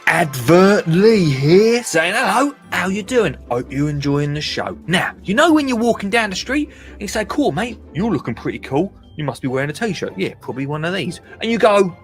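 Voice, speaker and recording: Playful man doing a jokey show plug. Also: mid-range voice. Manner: playful, acts out little street dialogues. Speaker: show regular doing the sponsor break.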